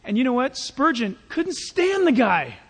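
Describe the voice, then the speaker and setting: A male pastor preaching a sermon in a church, in a conversational, animated way with playful asides. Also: very high voice, unhurried, husky, in a large hall.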